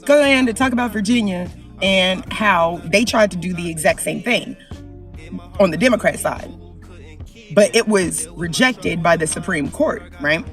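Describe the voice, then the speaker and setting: A woman vlogger giving an emphatic opinion rant, repeating lines for effect and swinging between loud and low. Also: animated, measured pace, recorded from a distance, soft background music.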